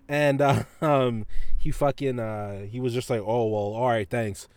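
A man's voice: medium pitch, normal speed, no echo. A man hosting a podcast, telling a story in a casual, profane way and laughing often. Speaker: podcast host.

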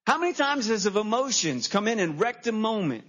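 Male pastor, high voice, animated sermon storyteller, dull lo-fi sermon recording. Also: brisk. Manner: animated storytelling, acting out his own reactions. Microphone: handheld microphone.

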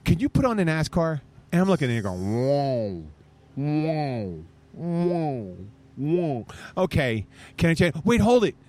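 A man's voice: a little high, sing-song, brisk, few pauses, darkish tone. Rambling, profane man chatting. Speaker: podcast host. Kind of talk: casual bar chat. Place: outdoor bar stage in the Florida Keys.

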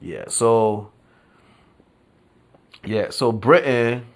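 Here a man from the United States talks on his podcast in a fairly low, darkish voice. He offers opinions at a slow, rambling pace, with many fillers and restarts and a relaxed, slangy style.

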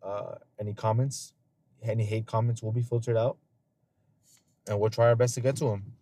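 A man's voice: lowish voice, steady tone, moderate pace, mellow, a little hiss or hum. A man hosting a casual podcast chat, telling stories loosely with lots of swearing and frequent laughter. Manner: loose, profane storytelling; laughs often. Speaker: podcast host.

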